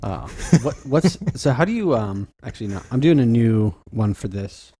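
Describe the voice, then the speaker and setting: A man's voice: mid-range voice, expressive, normal speed, warm tone, breathy edge, no room sound. A man hosting a casual podcast, easygoing and rambling with fillers and frequent laughter. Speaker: podcast host. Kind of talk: casual chat.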